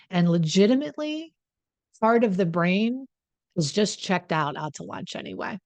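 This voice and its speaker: A middle-aged woman hosting a podcast, explaining in a chatty, animated way and acting out little inner voices. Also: mid-range voice, normal speed, dry recording. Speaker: host.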